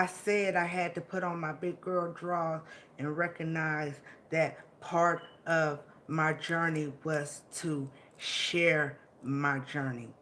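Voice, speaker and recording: A woman's voice: deep voice, a bit bright, slight background noise. A woman vlogger giving an emotional, motivational monologue, laughing often and swearing as she hypes up her listeners.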